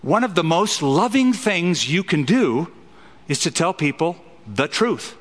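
A man's voice: on the high side, very animated, measured pace, in a large hall. A man preaching an expository sermon as a pastor, emphatic and fond of rhetorical questions.

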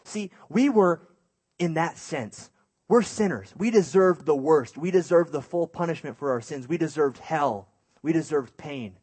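A man preaching through a lively personal story, self-mocking and animated, with hushed asides. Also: a little high, a little slow, husky. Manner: drops to a hushed voice for inner thoughts.

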